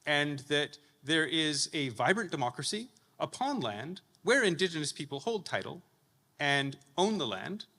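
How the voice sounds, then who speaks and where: A man's voice: fairly high pitch, big pitch swings, measured pace, sharp tone. A man in the audience asking an earnest, slightly hesitant question at a public forum. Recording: reverberant conference hall.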